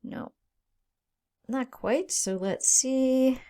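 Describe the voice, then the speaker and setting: A woman instructor talking through a screen-recorded software tutorial, casual and thinking aloud, often checking in with "right?". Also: high voice, extremely slow.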